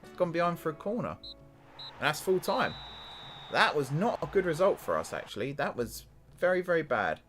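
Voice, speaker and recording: Excitable man commentating a football game. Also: on the high side, moderate pace, faint music behind. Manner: excitable, talks to the game's players. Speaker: gaming channel host.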